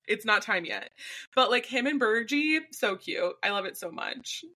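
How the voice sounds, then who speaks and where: A young woman in a casual recap podcast, playful and gushing. Her voice is bright and a bit high, and she keeps acting out quotes in quick bursts. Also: animated. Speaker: podcast co-host.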